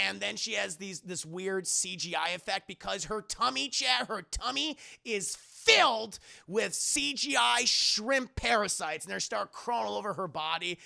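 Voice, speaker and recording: A young man recapping a movie for a live chat in a rambling, profane way, jumping into quick voices for each character. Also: high-pitched, creaky, sharp tone. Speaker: streamer reviewing a movie.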